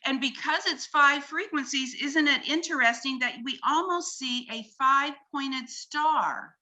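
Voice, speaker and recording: Female guest, clear and slightly high, earnest and awed as she walks through slides. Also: a little slow, pushed and bright. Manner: earnest, wonder-filled explaining. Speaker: guest presenting her research. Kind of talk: explanatory talk-show conversation with slides.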